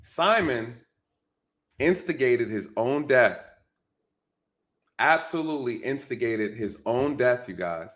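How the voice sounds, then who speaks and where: A man's voice: mid-range voice, lively intonation, slow, pauses often, fairly bright tone. Man giving emphatic casual commentary. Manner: emphatic, repeats "right?" and "you guys", rhetorical questions. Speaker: commentator on news clips.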